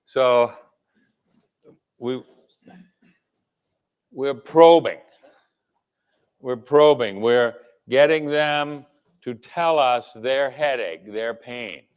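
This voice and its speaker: A man's voice: mid-range voice, clear, resonant tone. A man presenting at a company kickoff, giving a sales training talk to an audience, repeating his words and checking in with "okay?".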